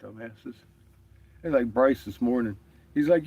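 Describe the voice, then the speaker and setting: Husky, profane, laughing man. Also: medium pitch, big pitch swings, moderate pace, long pauses, dry recording, narrow, tinny audio. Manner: profane, laughing storyteller, quoting others. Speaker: vlogger. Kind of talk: casual chat.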